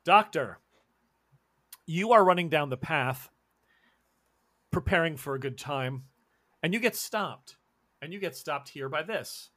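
A man's voice: fairly high pitch, a little slow, long pauses. A man narrating a tabletop role-playing game as game master. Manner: animated, lively narration.

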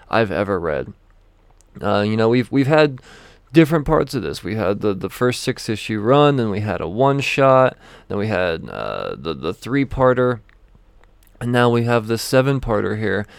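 A man talking loosely and excitedly about comics, trailing off, restarting and laughing as he goes. His voice is smooth and resonant, recorded close and dry with no room sound. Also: lowish voice, no room sound. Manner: chatty, self-interrupting, laughs often, swears casually. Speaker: comic book reviewer. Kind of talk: casual rambling review.

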